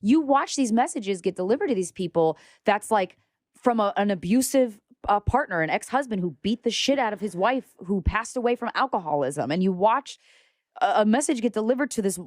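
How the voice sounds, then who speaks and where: A young woman talking as a podcast guest, animated and outspoken, with casual swearing. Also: medium pitch, a little fast, no echo, studio quality. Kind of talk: casual conversation.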